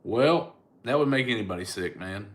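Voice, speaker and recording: A man's voice: on the low side, expressive, moderate pace. A middle-aged man, a comedian chatting casually on a livestream and answering viewers' comments. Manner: laid-back, chatty, thanks viewers by name.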